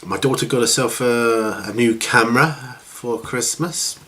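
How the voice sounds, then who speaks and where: A man's voice: medium pitch, measured pace, fairly bright tone. A middle-aged man chatting casually on his hobby channel, rambling with lots of fillers and restarts. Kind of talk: casual chat.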